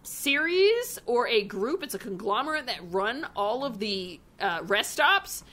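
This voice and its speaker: A woman from Canada co-hosts a relaxed chat with a bright, forward tone. She is excitable, laughs often and leans on slang. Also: fairly high pitch, unhurried. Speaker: podcast co-host. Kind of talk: casual chat.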